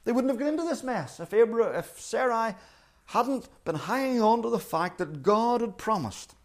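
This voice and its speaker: A man preaching a sermon in an earnest way, acting out quoted lines with loud and soft swings. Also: extremely high pitch, animated, moderate pace. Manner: earnest, acts out quoted voices with shifting volume.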